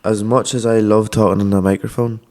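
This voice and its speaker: A man's voice: lowish voice, level tone, a little fast, darkish tone. A man co-hosting a podcast, chatting in an easygoing way. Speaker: podcast co-host. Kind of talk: casual chat.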